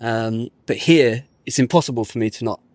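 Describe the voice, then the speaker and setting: A man's voice: mid-range voice, brisk, no echo. A man from the UK, a podcast guest who tells his story casually and acts out the people he quotes. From United Kingdom. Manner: lively storyteller, acts out quoted people, uses London slang.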